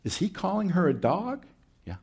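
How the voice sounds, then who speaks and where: A man's voice: high voice, sing-song, normal speed, darkish tone, husky. A man preaching a sermon in a conversational way, with rhetorical questions and folksy asides.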